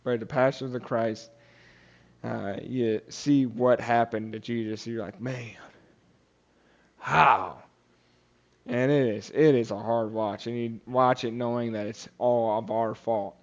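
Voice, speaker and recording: A man's voice: medium pitch, fairly even intonation, moderate pace, a little mellow, dull audio. A young man hosting a podcast, retelling a Bible story in casual talk, with many fillers and restarts and quotes acted out in character. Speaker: podcast host.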